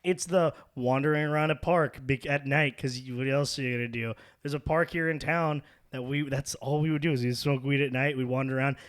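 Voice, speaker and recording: A man's voice: mid-range voice, fairly even intonation, fairly quick, few pauses. A young man hosting a casual podcast, telling rambling stories and laughing as he goes. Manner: rambling, laughing, acts out quoted voices. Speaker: podcast host. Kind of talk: casual chat, storytelling.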